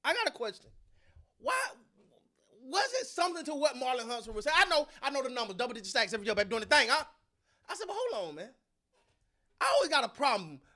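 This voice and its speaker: This sports channel host has an extremely high voice and a quick pace broken by long pauses. He speaks casually and animatedly to his viewers, his slangy, repetitive opinions aimed squarely at the audience.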